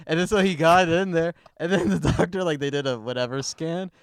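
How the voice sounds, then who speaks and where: Podcast co-host, man, slightly high voice, anecdotal and joking, dry mic. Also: a little fast, creaky, smooth, dry recording. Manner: storytelling, laughs through his punchlines. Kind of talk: casual podcast chat.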